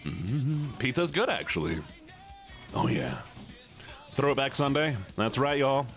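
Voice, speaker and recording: A man live streams a game, chatting playfully with his viewers and teasing them. His medium-pitched voice is sing-song and fairly bright, at normal speed, with soft music playing behind him.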